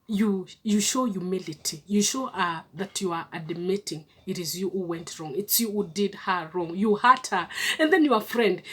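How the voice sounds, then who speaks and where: Husky woman giving earnest advice. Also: mid-range voice. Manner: earnest, coaxing, asks "hmm?" often. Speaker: relationship advice speaker. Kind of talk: advice talk to viewers.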